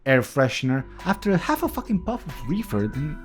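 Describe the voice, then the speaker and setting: A man talking straight to his viewers in a heated, foul-mouthed rant, hammering his points home. His voice sits a little higher than most men's. Soft guitar music plays faintly underneath. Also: very animated, moderate pace. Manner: heated, swearing, emphatic rant. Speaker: vlogger. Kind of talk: candid profane monologue.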